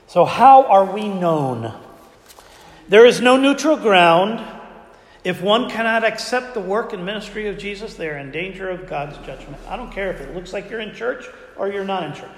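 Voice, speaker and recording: A man with a high voice preaches a conversational sermon and keeps throwing rhetorical questions at his congregation. His voice rings through a roomy church hall with a long reverb tail. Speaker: pastor. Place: church sanctuary.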